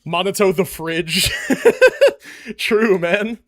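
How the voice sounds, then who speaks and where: A young man with a high voice rambles to his live chat from a room at home. He talks loosely, restarting sentences and piling on fillers, sometimes drifting away from his desk mic. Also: lively intonation, fairly quick. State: out of breath after push-ups. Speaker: livestreamer. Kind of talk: casual live-stream chat. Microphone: desk mic, moves away from it.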